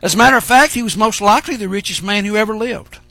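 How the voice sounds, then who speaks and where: A man preaching a sermon, speaking emphatically and pausing for drama. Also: high voice, bright, forceful tone, dry recording. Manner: dramatic pauses and emphatic delivery.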